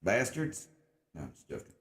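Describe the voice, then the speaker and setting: A man's voice: medium pitch, very animated, unhurried. Rambling, sarcastic livestream guy. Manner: rambling, sarcastic, swears a lot, mock-redneck drawl. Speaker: livestream host. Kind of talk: casual livestream commentary.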